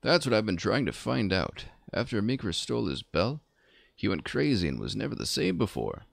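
A man doing an old man voice for a game character, gravelly and low, with a lively, rambling lilt as he spins a story. The sound is dry and close, with no room in it. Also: moderate pace, no echo, full character voice. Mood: musing. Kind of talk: reading game dialogue aloud.

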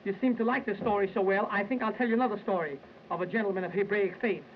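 A male stage entertainer tells jokes as brisk, wisecracking patter between his songs. It is an old 1920s sound film recording. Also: high voice, a little hiss or hum. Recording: dull lo-fi 1920s sound film with loud music.

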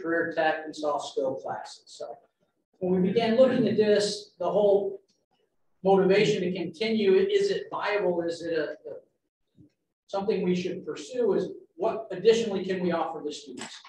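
A man, a school administrator, methodically walks a board through an update at a public meeting, picked up from a distance in a large room. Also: high-pitched. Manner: steady, methodical, walks through points in order. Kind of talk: informational presentation at a public meeting. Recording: very echoey meeting room from far off, faint noise.

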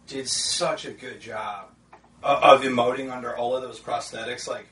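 Male guest, hesitant and repetitive, mid-pitched, far from the mic in an echoey room. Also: steady tone, normal speed, a bit bright. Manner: hesitant, repeats himself. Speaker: podcast guest. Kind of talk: casual chat.

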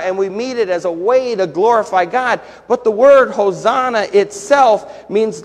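A man's voice: sits high, expressive, moderate pace. A man preaching a sermon as pastor, earnest and building to emphatic questions. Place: church sanctuary. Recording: long church hall reverb.

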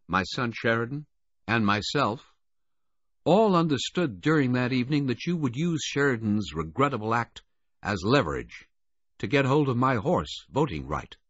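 A man's voice: medium pitch, no echo, voice pushed up. A man voicing a grieving wealthy father in an audiobook, speaking evenly under visible strain. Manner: even, controlled but strained. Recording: dull, dry lo-fi audiobook recording.

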